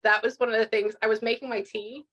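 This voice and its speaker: Fairly high-voiced woman, chatty pet medium, rambles and restarts a lot. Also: flat delivery, fast talker, fairly bright tone, highs cut off. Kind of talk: casual live reading session.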